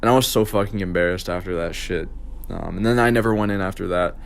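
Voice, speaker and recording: Rambling young man with a low voice. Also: fast talker, vocal fry. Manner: rambling, filler-heavy, profane. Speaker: vlogger. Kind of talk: casual storytime monologue.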